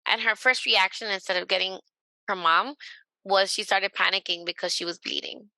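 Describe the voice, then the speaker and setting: A woman hosting a podcast talks casually, full of slang and quick agreement. Her voice is bright and mid-pitched, and it sounds close and dry. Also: steady tone, creaky, no room sound, poor audio. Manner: casual, swears, eager affirmations. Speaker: podcast host. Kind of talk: casual chat.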